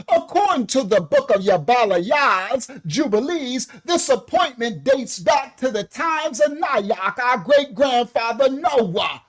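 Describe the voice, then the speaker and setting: Male bible teacher on a livestream, energetic, breaks into exclamations and loose colloquial asides. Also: very high-pitched. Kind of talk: livestreamed scripture lesson. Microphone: own microphone.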